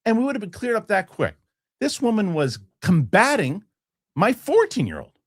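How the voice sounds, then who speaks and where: Animated man ranting through a story. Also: sits high, moderate pace, no room sound, clean studio sound. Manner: heated, animated, swears, acts out quoted people. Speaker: show host. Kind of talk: casual storytelling rant.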